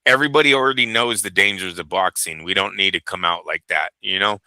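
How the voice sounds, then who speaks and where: A man's voice: low voice, fast talker, sharp tone, clear, resonant tone, no echo, rough recording. A man co-hosting a boxing talk show, giving blunt, emphatic opinions with swearing. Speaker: boxing podcast co-host. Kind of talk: casual chat.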